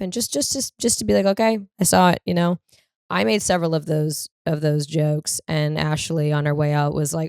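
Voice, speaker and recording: Lowish-voiced woman in her 30s doing a sweary rambly comedy monologue, super dry sound. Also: normal speed, vocal fry, clear, resonant tone, dry recording. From US East Coast. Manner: profane, rambling and animated, acts out quoted voices. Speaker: podcast host.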